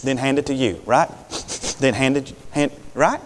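A man preaching a sermon in a folksy, animated way, calling for amens. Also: mid-range voice, moderate pace, long reverb tail, a little hiss or hum.

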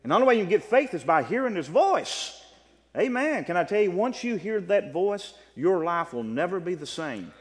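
Lively-voiced preacher in an echoing hall. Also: male voice, sits high, normal speed. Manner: animated preaching with rising and falling delivery. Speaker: pastor. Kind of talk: sermon. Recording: long reverb of a large hall.

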